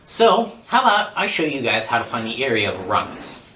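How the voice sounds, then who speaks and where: Male mock reporter, upbeat explainer, lively bright voice, echoey room. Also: medium pitch, brisk, a little hiss or hum. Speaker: field reporter. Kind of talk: mock news segment, explaining math.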